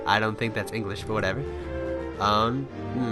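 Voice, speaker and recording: A man's voice: mid-range voice, lively intonation, a little slow, pauses often, over music. A man hosting a let's play, reading out game dialogue and commenting, often laughing and playfully doing the characters' lines.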